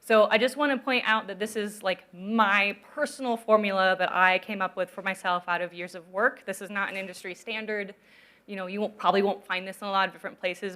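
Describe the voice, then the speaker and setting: Woman, conference speaker, bright, conversational, keeps asking "right?". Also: mid-range voice. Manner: conversational, checks in with "right?" often. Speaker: conference speaker on narrative design. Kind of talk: conference talk with audience questions.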